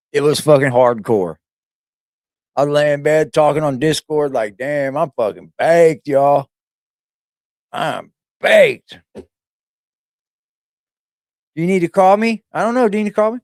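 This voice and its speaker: A man's voice: on the high side, sing-song, normal speed, pauses often, a little mellow, no room sound, clean studio sound. A man giving loose, profane, rambling reaction commentary on a stream, full of slang.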